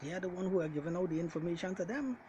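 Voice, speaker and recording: A man who styles himself a Bible teacher preaches very fast in a fairly high voice, talking directly at his listeners. Again and again he hammers the same refrains and calls them ladies and gentlemen to drive each point in, with a faint hiss under his voice.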